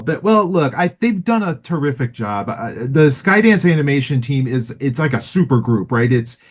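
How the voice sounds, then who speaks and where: Male author guest, mid-pitched, eager and rambling answers. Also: a little mellow. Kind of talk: interview answers.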